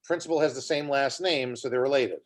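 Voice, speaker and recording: A man's voice: medium pitch, brisk. A man co-hosting a casual podcast chat, laying out movie trivia in a confident, matter-of-fact way.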